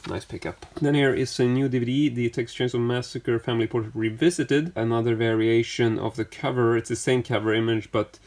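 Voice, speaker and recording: Male vlogger, average pitch, relaxed and rambling collector who keeps correcting himself. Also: brisk, few pauses. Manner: rambling, filler-heavy, self-correcting. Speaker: collector showing his collection. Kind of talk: casual collection vlog.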